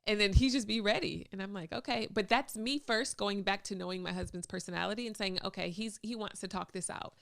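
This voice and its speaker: Calm woman with a gravelly edge. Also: medium pitch, quick pace, few pauses. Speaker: co-host, wife. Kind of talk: casual chat.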